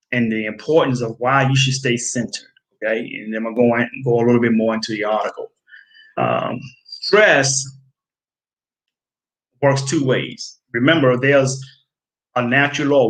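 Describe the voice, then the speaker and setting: A man's voice: medium pitch, rough recording. A man hosting a health video, lecturing his viewers in a preachy, emphatic way, repeating key phrases and calling them folks. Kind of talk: preachy direct-to-camera talk.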